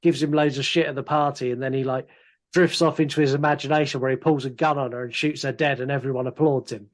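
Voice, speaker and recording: A man co-hosting a podcast, recapping a horror film in a casual, animated way with swearing and laughter. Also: mid-range voice, quick pace. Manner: animated, recounts the plot with sweary asides and laughs. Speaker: podcast co-host. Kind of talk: casual film review chat.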